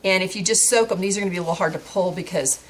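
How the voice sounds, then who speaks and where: A woman's voice: fairly low pitch, rapid-fire. A woman talking through a craft tutorial in a chatty way while she works, with frequent fillers and restarts.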